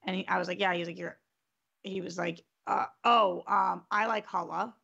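Woman, casual storyteller, gravelly edge, lively quoting, lo-fi recording. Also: lowish voice, moderate pace. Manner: animated, acts out quotes, swears freely. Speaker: storyteller in a group chat.

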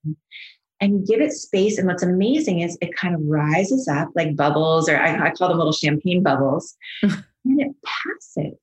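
A middle-aged woman psychologist talks as a podcast guest. Her voice sits a little low, and she explains gently and with enthusiasm. She often slips into soft, soothing quoted voices. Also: animated, normal speed, low-quality recording. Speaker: psychologist and mindfulness expert, guest.

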